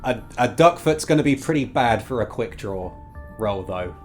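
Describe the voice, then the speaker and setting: A man's voice: mid-range voice, animated, normal speed, darkish tone, soft background music. A man narrating as game master of a tabletop game, thoughtful with many fillers.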